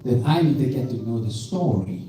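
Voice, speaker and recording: A South African man in his fifties, a pastor giving an animated storytelling talk in a museum gallery, often checking in with the audience. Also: mid-range voice, brisk. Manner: animated, leads call-and-response, asks "right?" often. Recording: echoey gallery from far off with music.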